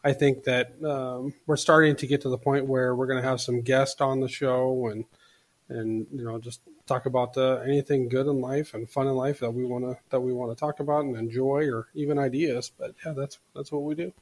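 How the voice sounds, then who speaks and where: A man's voice: medium pitch, level tone, normal speed. Laid-back man guesting on a podcast. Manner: laid-back, hesitant, many fillers. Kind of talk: casual podcast chat.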